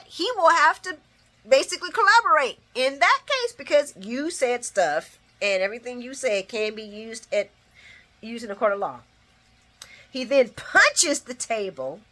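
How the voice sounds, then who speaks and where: With a pushed, bright voice on the high side, this woman hosts a laid-back soap opera recap. She laughs, voices the characters' lines, and peppers her lively talk with slang and curse words.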